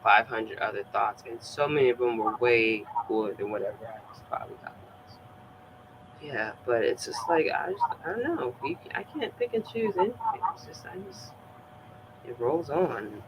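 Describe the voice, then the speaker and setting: A man's voice: medium pitch, expressive, moderate pace, background noise. A man streaming, chatting in a loose, rambling way with many fillers and bursts of laughter. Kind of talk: casual rambling chat.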